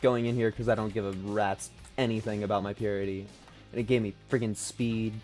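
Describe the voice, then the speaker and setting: A man's voice: fairly low pitch, little pitch movement, a little fast, a little mellow, soft background music. A man streaming a video game from home, giving rambling, self-deprecating, sweary commentary. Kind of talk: casual gaming commentary.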